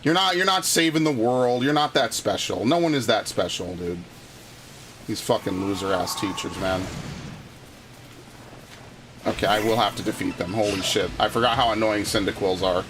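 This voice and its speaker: A man's voice: lowish voice, normal speed, pauses often, noisy background. Profane, heated male gaming streamer. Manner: profane, heated storytelling with frequent restarts. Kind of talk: casual gameplay commentary and ranting.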